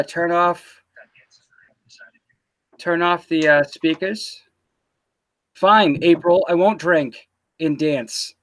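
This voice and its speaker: A man hosting a casual livestream interview, teasing and swearing loosely as he chats into a computer mic. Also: on the high side. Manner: teasing, profane, loose banter.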